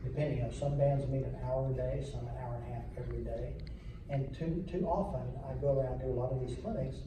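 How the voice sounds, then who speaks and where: A man's voice: mid-range voice, steady tone, quick pace. A man coaching a school wind ensemble as a guest clinician, chatty and joking and quizzing the players. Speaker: band clinician. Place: large echoey hall, in front of a band. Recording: echoey hall from far off, with noise.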